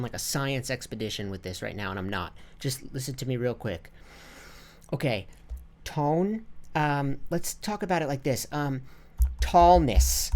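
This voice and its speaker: A man's voice: medium pitch, a little mellow. Casual, crude-talking male music teacher. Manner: loose, crude and conversational, many fillers. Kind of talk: casual tutorial.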